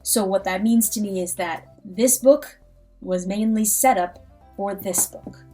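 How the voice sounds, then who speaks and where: A woman's voice: medium pitch, a little slow, soft background music. A young adult woman who hosts a reading channel, talking in a casual ad-libbed way with plenty of enthusiasm. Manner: enthusiastic, animated. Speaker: audiobook reader and channel host.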